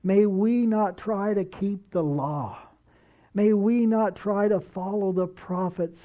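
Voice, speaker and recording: A man preaching a sermon in a slow, earnest way, dropping soft and low when he quotes. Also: phone-quality sound.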